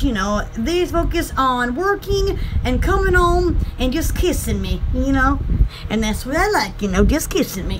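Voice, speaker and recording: A woman's voice: very high-pitched, background noise. A woman vlogger chatting to the camera in a rambling, theatrical way, often breaking into laughter. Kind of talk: rambling casual chat to camera.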